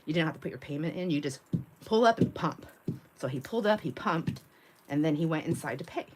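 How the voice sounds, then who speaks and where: A woman's voice: sits low, expressive, brisk, slight background noise. Chatty, laughing woman crafter. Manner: chatty storyteller, laughs often, acts out quotes. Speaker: craft livestream host. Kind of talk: casual chat while crafting.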